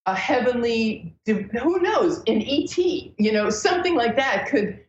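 Animated woman astrologer, roomy lo-fi sound. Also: a little high, measured pace, slight background noise. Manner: animated, breathless storytelling with many restarts. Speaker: astrologer guest. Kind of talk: casual podcast interview.

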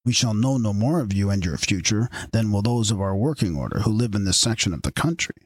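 A man's voice: lowish voice, lively intonation, fairly quick, no echo. A man reading aloud as the solemn spokesman of a secret order, delivering formal pronouncements. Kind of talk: audiobook reading.

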